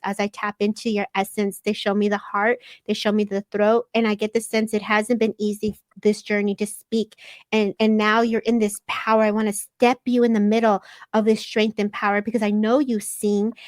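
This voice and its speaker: A woman with a fairly high voice, hosting a live spiritual show and giving intuitive readings. She talks in quick, effusive bursts and gets emotional. The sound is dry and close. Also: dry recording. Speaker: psychic reader and live show host.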